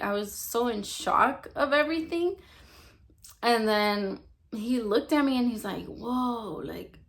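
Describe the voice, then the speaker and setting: Young woman with vocal fry, rambling. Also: mid-range voice, fairly bright tone. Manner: rambling, heavy use of "like" fillers. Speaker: testimony speaker. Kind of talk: casual storytelling.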